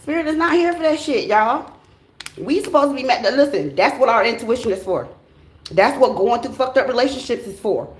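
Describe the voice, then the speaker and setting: A woman's voice: on the high side, animated, normal speed, roomy sound. An American woman giving a casual tarot reading, talking bluntly and animatedly, with plenty of slang and swearing. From United States. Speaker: tarot reader.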